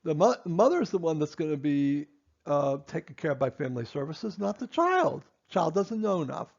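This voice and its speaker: A man's voice: fairly high pitch, big pitch swings, normal speed, vocal fry, lo-fi sound. A man, a dentist, giving a stern training lecture to his assistants, emphatic and repeating his points.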